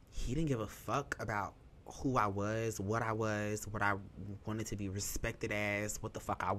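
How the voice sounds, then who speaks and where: A young adult podcast host with a bright voice, telling a personal story candidly. The talk is emphatic and profane and full of fillers. The host sounds emotional and is holding back tears. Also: mid-range voice.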